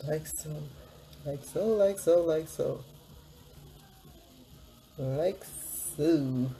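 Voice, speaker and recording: A woman's voice: low voice, very slow, dark tone, slight background noise. A woman vlogger chatting through a makeup tutorial, upbeat and repeating a hype catchphrase as she explains each step. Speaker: beauty vlogger.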